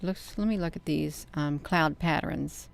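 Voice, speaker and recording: A woman hosting a casual live stream. She talks expressively and excitably, speaking straight to her viewers as she comments. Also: low-pitched, a little slow, gravelly. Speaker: channel host reading live chat.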